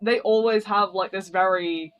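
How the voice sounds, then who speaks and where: A man's voice: high-pitched, steady tone, normal speed, a bit bright, clear, resonant tone. A man with a northern English accent and a thick voice, live streaming a game in a rambling, slangy, casual chat with viewers. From northern England.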